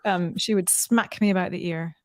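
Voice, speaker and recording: A woman at a mid pitch banters easily as she co-hosts a podcast, laughing often. Her voice is recorded close and dry, with no room sound. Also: fairly even intonation, normal speed, dry recording. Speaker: podcast co-host. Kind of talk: casual chat.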